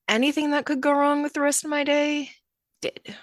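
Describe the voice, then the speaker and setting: A woman's voice: high voice, fairly quick, fairly bright tone, dry recording. A young adult woman hosting her own podcast, telling a personal story in a candid, conversational way and acting out the exchanges she describes. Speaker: podcast host.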